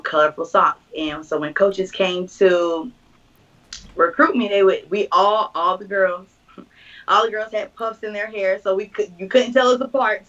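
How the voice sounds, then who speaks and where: Bright-voiced young woman, distant dull mic. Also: fairly low pitch. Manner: animated storytelling, acting out quoted voices. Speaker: podcast guest. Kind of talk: casual chat.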